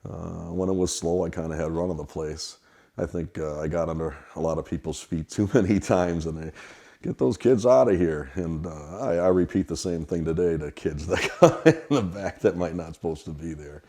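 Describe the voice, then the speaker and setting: A middle-aged restaurant kitchen worker from Wisconsin, USA, tells loose, meandering stories about growing up at his family's restaurant. His voice is low, his speed normal, and the setting is a relaxed storytelling interview.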